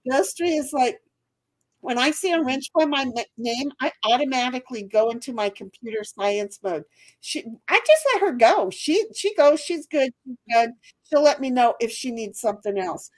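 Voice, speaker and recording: A woman's voice: high voice, animated, moderate pace, darkish tone. A woman hosting a casual livestream, reading out chat comments with loose swearing and frequent laughter.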